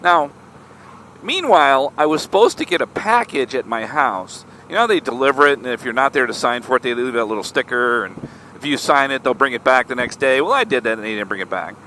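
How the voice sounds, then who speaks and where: A man casually telling a story to his vlog audience, chatty and animated, often tossing in "right?". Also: mid-range voice, brisk, a little hiss or hum. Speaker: motorcycle vlogger.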